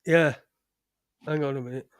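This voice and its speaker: A man's voice: medium pitch, steady tone, moderate pace. A man hosting a casual live chat show, rambling and swearing freely. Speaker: podcast host.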